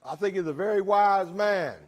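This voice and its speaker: A middle-aged man hosting a recovery meeting in a jail, telling stories in a lively, joking, plainspoken way. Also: sits high, normal speed, very echoey, far from the mic. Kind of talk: motivational storytelling to inmates.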